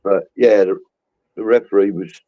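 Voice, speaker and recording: Low-voiced man on lo-fi stream audio. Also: normal speed. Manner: rambling storyteller, acts out quoted voices. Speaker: podcast co-host. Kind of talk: casual chat. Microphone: video call.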